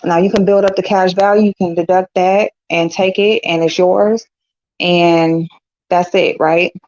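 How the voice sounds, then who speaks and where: A woman's voice: lowish voice, fairly even intonation, unhurried, darkish tone, no room sound. A middle-aged woman hosting a casual chat with viewers, talking bluntly and swearing freely. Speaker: host. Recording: dull lo-fi sound.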